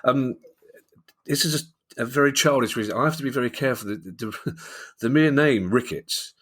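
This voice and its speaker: A man's voice: medium pitch, normal speed, fairly bright tone. A man with a London accent co-hosting a podcast, telling jokey stories and laughing often. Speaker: podcast co-host. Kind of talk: casual chat.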